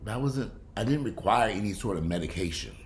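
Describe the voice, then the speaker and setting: Blunt, profane low-voiced man. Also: animated, brisk, a little hiss or hum. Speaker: vlogger commenting on a news story. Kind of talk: casual commentary. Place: home.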